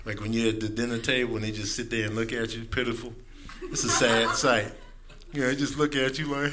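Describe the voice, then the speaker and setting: A man's voice: mid-range voice, little pitch movement, brisk, background noise. A male comedian casually riffing about pets in a laid-back, chuckling manner.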